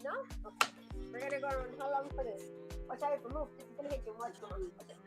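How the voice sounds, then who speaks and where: A woman's voice: sits high, fairly even intonation, racing, over loud music. A woman, a mother, talking casually in a vlog, chatty and exasperated as she scolds her toddler. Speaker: mother and vlogger.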